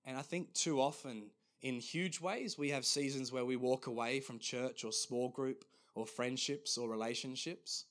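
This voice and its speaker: A man's voice: mid-range voice, fairly bright tone. A male pastor preaches in an earnest, conversational way, often restarting his phrases. His voice sits in an ordinary mid range. He speaks with plain sincerity. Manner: earnest, halting, frequent restarts. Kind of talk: sermon.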